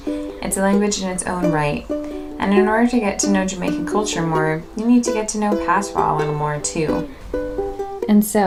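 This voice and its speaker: American woman podcast host, earnest scripted narration, lowish voice, loud strummy music under her. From United States.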